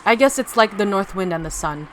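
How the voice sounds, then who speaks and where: A woman's voice: mid-range voice, lively intonation, fairly quick, fairly bright tone, slight background noise. A woman streamer reading a visual novel aloud, giggling, correcting herself, and chatting to viewers between passages.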